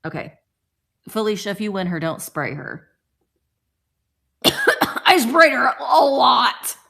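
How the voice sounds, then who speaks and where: Woman, live sale host, casual rambling chat, bright tone, very animated pitch. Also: slow pace, gravelly. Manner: chatty, rambling, playful asides.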